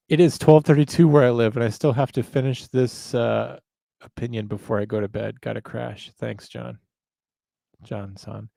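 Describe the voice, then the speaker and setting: A man's voice: mid-range voice, vocal fry, mellow, no room sound. A man hosting a live chat, rambling and self-mocking, laughing often. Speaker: show host.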